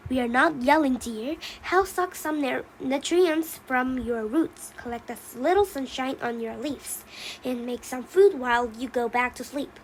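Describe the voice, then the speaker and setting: A high, light voice plays a worried mother pine tree who frets about every danger. A woman reads her out in a plain storybook reading, with a faint hiss behind. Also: a little slow, rough recording. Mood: fretful. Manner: reads the role labels aloud between lines.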